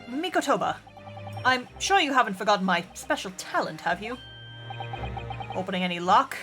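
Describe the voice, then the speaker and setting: A woman voicing a pompous male Victorian great detective, grandiose and formal, over game music. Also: fairly high pitch. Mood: scheming. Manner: grandiose, theatrical, formal diction.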